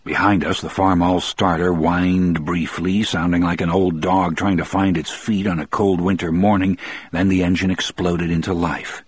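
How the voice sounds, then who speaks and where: A man reading a first-person story aloud in a measured, steady storytelling manner. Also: low voice, husky. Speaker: narrator.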